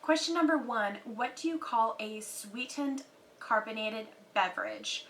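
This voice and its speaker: A young Texan woman talks loosely to her viewers, leaning on "um" and "you know" as she goes. Her voice is bright and forward, with a drawl that comes through on words like y'all. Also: fairly high pitch, measured pace, a little hiss or hum, low-quality recording. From Texas. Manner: chatty, many fillers, says y'all. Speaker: beauty YouTuber. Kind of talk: casual chat to camera.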